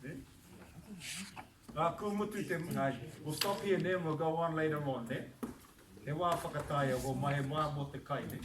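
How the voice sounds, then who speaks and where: A man teaching a Māori language class, patiently repeating words slowly and mixing English with Māori. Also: a little high, fairly even intonation, crowd noise. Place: church hall classroom. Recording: echoey room recorded from a distance.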